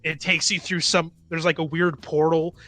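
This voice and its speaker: A man's voice: on the high side, level tone, moderate pace, bright, forceful tone. A young man chatting casually as a podcast co-host, laughing and chiming in with reactions. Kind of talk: casual chat.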